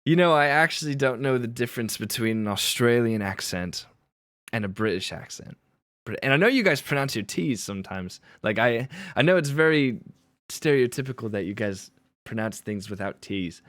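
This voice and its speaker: A man chatting loosely on his livestream, quick to laugh at himself and trailing off mid-thought. His voice sits at an ordinary middle pitch, and the sound is dry and close with no room around it. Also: lively intonation, fairly bright tone, no room sound. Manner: chatty, laughing, self-deprecating. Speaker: livestream host. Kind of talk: casual chat with chat.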